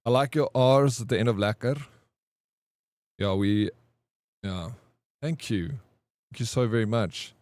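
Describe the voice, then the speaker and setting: A man's voice: mid-range voice, measured pace, pauses often, a little mellow, no echo. A South African man chatting casually with his viewers during a live game stream, reading and answering their comments. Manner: chatty, laid-back, reads and answers chat.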